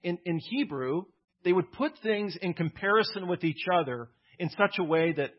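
Guy preaching a sermon, chatty and plain, kinda husky voice, muffled lo-fi recording. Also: high voice, expressive, normal speed. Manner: conversational, plainspoken preaching with casual asides. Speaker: pastor.

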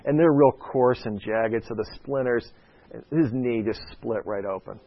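A man's voice: medium pitch, unhurried. A man preaching a sermon in a conversational, storytelling way, often checking in with his listeners by asking "okay?". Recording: dull lo-fi sound.

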